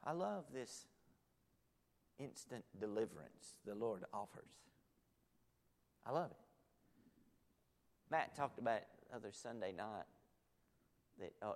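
A man preaching a sermon as a pastor, moving between loud urgent pleas and hushed, pleading asides. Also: mid-range voice. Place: church sanctuary. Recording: long reverb of a large hall.

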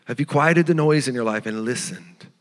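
A male pastor delivers an earnest, tender sermon in a mid-range voice. His words ring out with a long reverb from a church sanctuary, and now and then he drops to a hushed tone. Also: mid-range voice, normal speed. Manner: earnest, tender preaching with soft hushed moments.

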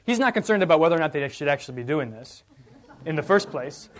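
A man's voice: a little high, expressive, fast talker. A man teaching a Bible class, reading passages aloud with emphasis and asking the group questions in a conversational way.

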